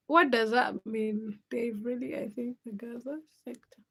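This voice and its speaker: Young woman from Uganda, livestream host, chatty storyteller, slightly high voice. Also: fairly even intonation, unhurried, creaky, pushed and bright, breathy edge. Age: young adult. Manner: chatty storytelling with bursts of laughter. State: sleepy. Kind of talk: casual livestream chat.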